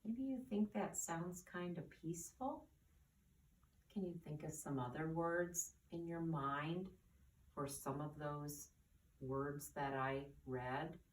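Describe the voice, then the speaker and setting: A woman teaching young children at church, speaking gently and asking them questions. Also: deep voice, slight background noise. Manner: slow, soft and coaxing, asks the children questions. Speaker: children's catechist. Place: church classroom. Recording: roomy, distant camera audio.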